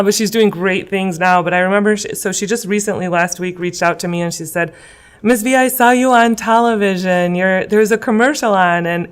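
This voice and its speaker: A woman's voice: mid-range voice, clean tone. A woman in her thirties, from Illinois, answering interview questions in an earnest, emotional way with many fillers. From West Chicago, Illinois. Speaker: guest, political candidate. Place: school room.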